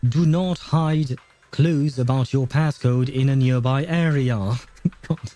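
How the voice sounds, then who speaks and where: A man's voice: mid-range voice, takes it slowly, dark tone, faint music behind. A man giving casual, rambling gameplay commentary, often correcting himself and laughing. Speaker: streamer.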